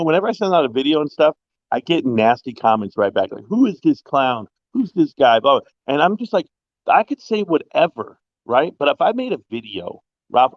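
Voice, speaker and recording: A man's voice: mid-range voice, no room sound, muffled recording. A man co-hosting a livestream in casual chat, ranting and opinionated. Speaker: livestream co-host.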